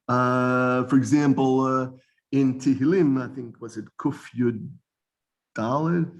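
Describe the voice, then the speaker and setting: A man teaching a class, with a gravelly voice at a middle pitch. He explains each point and then quizzes the students, drifting into asides and fixing his own wording as he goes. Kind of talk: classroom lesson.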